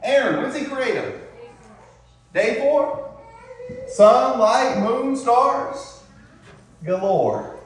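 A man's voice: extremely high pitch, sing-song, extremely slow, long pauses. A man preaching a sermon to a congregation, drawing out emphatic words and throwing in tag questions like "isn't it?". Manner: call-and-response preaching, rhetorical tag questions. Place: church sanctuary. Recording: very echoey room, voice far from mic.

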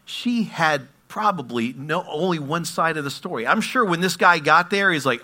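A man preaching a sermon, animated and asking his listeners questions. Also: a little high, normal speed, hardly any pauses. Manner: animated, asks the audience questions. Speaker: pastor.

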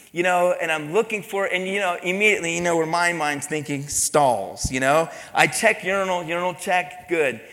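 A man's voice: high voice, a bit bright, big-room sound. A man preaching a sermon as pastor, telling a personal story with mimicked voices and laughter.

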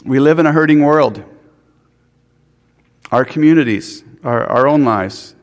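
A man's voice: medium pitch, a little slow, long reverb tail. A man preaching a sermon, earnest, with restarts and rhetorical questions. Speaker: pastor.

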